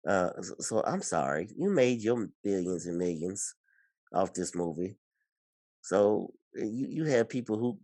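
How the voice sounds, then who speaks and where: A man co-hosting a podcast, chatting casually, excitable and rambling with many restarts. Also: on the low side, measured pace, dry recording. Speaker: podcast co-host. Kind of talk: casual chat.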